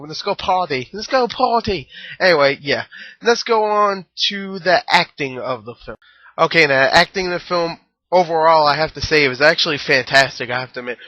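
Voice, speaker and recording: A man's voice: on the high side, no room sound. A young man giving a casual movie review, rambling with jokey, crude asides and lots of fillers. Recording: dry, dull lo-fi home recording.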